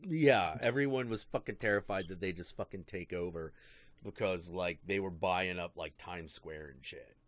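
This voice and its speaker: A man's voice: low-pitched, moderate pace. A man hosting a livestream in a laid-back casual chat, reading out chat messages and swearing casually. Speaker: stream host.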